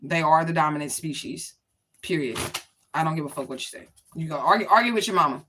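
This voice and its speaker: A woman's voice: low voice, fast talker, background noise. A woman giving a casual spiritual reading to her viewers, blunt and profane, talking straight to them. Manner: blunt, profane, chatty, addresses viewers directly. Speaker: spiritual reader.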